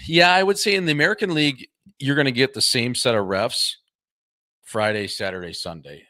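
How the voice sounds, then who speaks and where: A man co-hosting a hockey podcast, telling casual, animated stories about his pro career and swearing freely. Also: mid-range voice, fairly quick, dry recording, clean studio sound. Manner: animated anecdotes with quoted voices, swears freely. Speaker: podcast co-host, former pro hockey player. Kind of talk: casual chat, storytelling.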